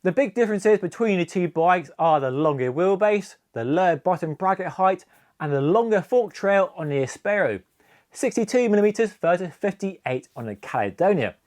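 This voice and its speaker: A man talking through a bike review in a measured, conversational way. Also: sits high, animated, a little mellow, no echo, studio quality. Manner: measured, conversational product comparison. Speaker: cycling reviewer.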